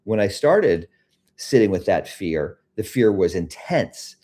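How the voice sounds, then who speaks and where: Man, middle-aged, low voice, mellow tone, self-help host, reflective, guided meditation. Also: very animated, slow pace. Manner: reflective, self-disclosing, gently guiding. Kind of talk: casual talk leading a guided meditation.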